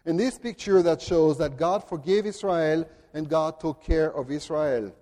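A man with a French accent preaching a sermon in an earnest, deliberate way, at times speaking directly to children. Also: on the high side, dark tone, big-room sound. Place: church.

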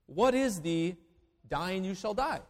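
A pastor preaches a sermon in a church sanctuary, his high, animated voice slowly building to loud declarations and then falling to hushed asides. The long reverb of a large hall carries the sound.

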